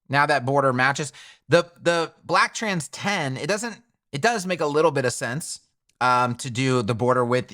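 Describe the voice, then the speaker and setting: Bright-voiced man thinking aloud. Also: mid-range voice. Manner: thinks aloud, chatty and self-correcting. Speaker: web design tutor. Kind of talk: screen-recorded coding tutorial.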